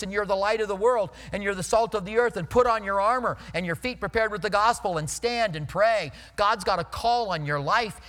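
A male pastor preaching a sermon in a conversational, storytelling way, emphatic, dropping his voice low for serious points. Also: fairly bright tone, long reverb tail.

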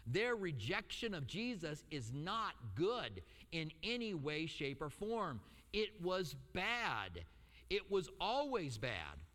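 A middle-aged male pastor preaching a sermon, telling stories with lively asides and acting out the quotes. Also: on the high side, takes it slowly, long reverb tail. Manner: animated storytelling with acted-out quotes and asides.

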